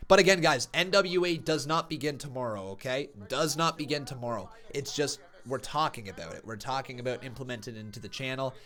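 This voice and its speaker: Man, live stream host, bright forceful tone, chatty, shouts excited play-by-play, speech a bit off from a sore tongue. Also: mid-range voice, fairly quick, hardly any pauses. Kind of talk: casual live reaction chat.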